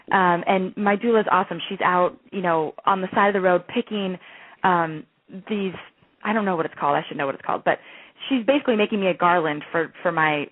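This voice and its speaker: A woman's voice: fairly low pitch, no echo. A woman in her thirties, a guest telling a long personal story over the phone in an earnest, gushing way, full of restarts and fillers. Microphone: telephone. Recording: tinny dry phone line.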